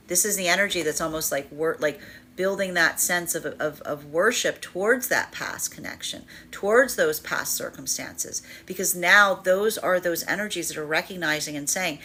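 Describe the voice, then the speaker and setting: Bright, lowish-voiced woman for a casual, rambling tarot reading. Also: moderate pace, slight background noise. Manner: rambling, many fillers, acts out voices with laughter. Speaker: tarot reader.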